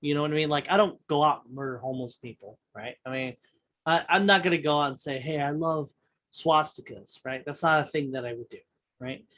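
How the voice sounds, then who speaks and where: Rambling, slightly high-voiced male podcast host. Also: fast, fairly bright tone. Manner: rambling storyteller, frequent restarts and filler; profane and blunt. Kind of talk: casual chat.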